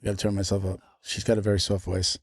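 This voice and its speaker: A man's voice: deep voice, little pitch movement, quick pace, no echo, studio quality. A man hosting a podcast, chatting casually and joking, often restarting his sentences. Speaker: podcast host.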